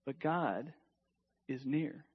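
A man preaching a sermon emphatically, asking rhetorical questions and dropping to a hush at times. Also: mid-range voice, very slow, breathy edge, phone-quality sound. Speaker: pastor.

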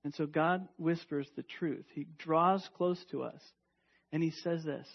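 A man preaching a sermon emphatically, asking rhetorical questions and dropping to a hush at times. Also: fairly high pitch, steady tone, measured pace, vocal fry, muffled recording. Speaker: pastor.

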